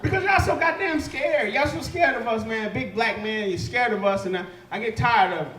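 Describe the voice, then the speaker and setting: A young man performing stand-up on a comedy club stage, telling profane stories loudly and shouting his punchlines. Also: very high-pitched, normal speed. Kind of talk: live stand-up set. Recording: echoey live club room.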